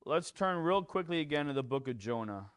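A man's voice: on the high side, brisk, dry recording. Conversational preaching man, dry sound. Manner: conversational preaching with fillers, rising to animated acted-out quotes. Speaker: pastor. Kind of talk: sermon.

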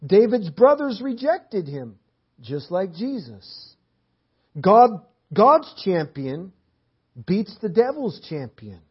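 A man with a high, husky voice preaches a sermon in a church hall, speaking slowly but with great animation. He drives his points home through emphatic, repeated phrases in a classic preaching cadence. The audio is dull, lo-fi sermon recording.

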